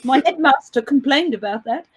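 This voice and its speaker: A woman's voice: sits high, animated, moderate pace, poor audio. A woman giving a casual interview as a guest commentator, talking in long winding sentences with many fillers and restarts. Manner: hesitant, with frequent fillers. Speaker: guest commentator on a court case.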